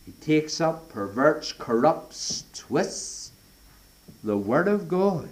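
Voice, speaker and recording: Slow, dramatic preacher man. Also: on the high side, very animated. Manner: dramatic swings from loud to whispered; old-fashioned scriptural phrasing. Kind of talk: sermon.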